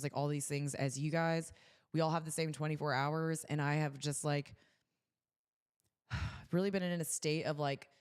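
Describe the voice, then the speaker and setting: A California woman co-hosts a podcast, chatting in a casual, bubbly way and dropping plenty of "like" fillers. Her voice is low with a clean tone.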